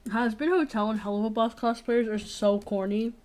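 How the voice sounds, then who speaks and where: A woman's voice: fairly high pitch, steady tone, normal speed, darkish tone. Rambling, opinionated young woman. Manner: rambling, frequent fillers and restarts; opinionated, blunt. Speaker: streamer. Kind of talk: casual chat.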